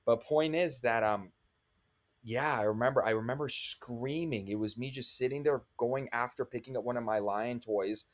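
A young man telling an animated, rambling story to his younger brother in casual chat. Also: medium pitch, moderate pace. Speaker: podcast co-host, older brother.

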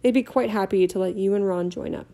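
A woman's voice: mid-range voice, fast talker, mellow, lightly acted. A woman reading an audiobook, voicing a stubborn, clever teenage girl witch. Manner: stubborn and prim.

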